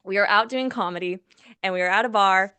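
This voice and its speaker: Bright clear-voiced woman telling a story. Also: medium pitch, a little fast, dry recording. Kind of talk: casual storytelling chat.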